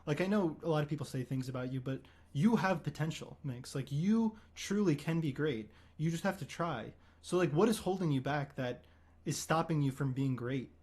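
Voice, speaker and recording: A man streaming, chatting in a deadpan, mock-earnest way with many "like" fillers. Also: on the high side, moderate pace, breathy edge. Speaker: streamer on a comedic stream date. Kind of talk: casual livestream chat.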